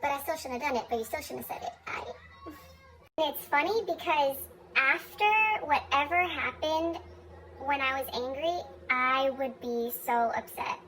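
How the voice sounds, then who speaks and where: A woman's voice: high-pitched, measured pace, a bit bright, a little hiss or hum, low-quality recording. A young woman talking candidly in a personal vlog, blunt and profane with a self-mocking streak. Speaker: vlogger.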